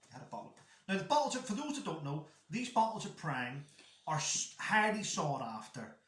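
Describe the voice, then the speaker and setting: Man, bright and sharp tone, rambling storyteller, echoey room. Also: fairly high pitch, sing-song, brisk. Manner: rambling storyteller, acts out quoted dialogue. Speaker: guest, father telling a story. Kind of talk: casual chat.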